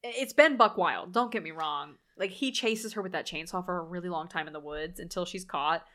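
A woman, animated and laughing often as she recaps a horror movie in casual chat. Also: on the low side, a little fast. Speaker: podcast co-host.

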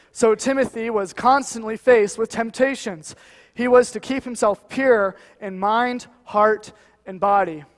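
A man with a fairly high voice gives an earnest, conversational sermon in a church, often dropping "you know" as he talks. His voice carries a long reverb from the hall around him. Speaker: guest preacher.

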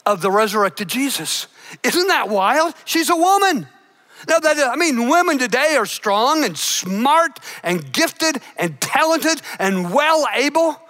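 A male preacher with a very high, bright voice delivers a sermon with theatrical energy. He swings from shouted exclamations to hushed, earnest appeals, and throws in playful jokes along the way. His tone stays sharp and ringing throughout. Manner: dramatic storytelling with shouted emphasis and playful asides. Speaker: pastor.

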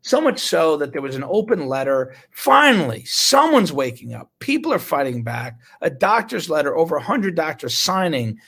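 A man's voice: on the high side, very animated, normal speed, creaky, hardly any pauses, fairly bright tone, slightly rough. A man, a physician, giving an indignant, sarcastic talk about medical research, with bursts of laughter. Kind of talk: impassioned talk.

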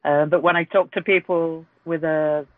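A woman's voice: low-pitched, steady tone, normal speed, no room sound. A woman from Yorkshire, a guest chatting politely on a podcast. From Yorkshire, England. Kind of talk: casual podcast chat. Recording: dry, tinny phone-like line.

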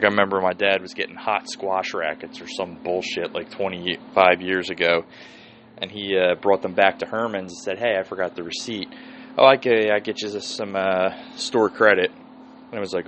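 A man's voice: low-pitched, flat delivery, normal speed, a bit bright, a little hiss or hum, low-quality recording. A man, hosting a solo podcast and telling a rambling, profane story. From Philadelphia area. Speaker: podcast host.

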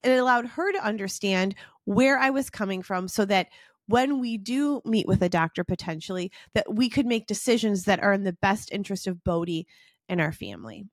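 A woman's voice: mid-range voice, animated, brisk, no echo, studio quality. A woman hosting a podcast, talking earnestly and encouragingly in a reflective self-help monologue aimed straight at the listener. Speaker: podcast host.

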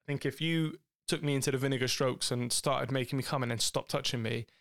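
A man co-hosting a casual podcast with his partner, telling jokey, rambling stories. His voice is gravelly with a fry at the ends of phrases. It sits at a middle pitch and is recorded close and dry, with no room sound. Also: fairly even intonation, quick pace, a bit bright, dry recording. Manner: joking, rambling storyteller. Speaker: podcast co-host. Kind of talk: casual couple's chat.

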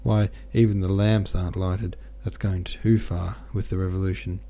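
A man's voice: low voice, level tone, normal speed, mellow. A man voicing a short-tempered middle-aged merchant consul who scolds a crowd. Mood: stern. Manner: curt, scolding.

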